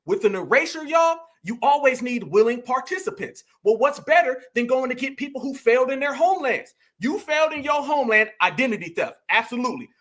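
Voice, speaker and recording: A man's voice: very high voice, expressive, fairly quick, hardly any pauses, a bit bright. A man speaking in African American Vernacular English delivers a fiery, preachy monologue as host, repeatedly calling his viewers family. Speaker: political commentary host. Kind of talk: fiery monologue to an online audience.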